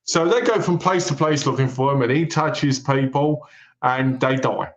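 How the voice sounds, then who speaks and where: A man co-hosting a film podcast, retelling movie plots in a lively way and acting out the characters' lines. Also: medium pitch, normal speed. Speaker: podcast co-host. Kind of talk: casual film review chat. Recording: echoey room.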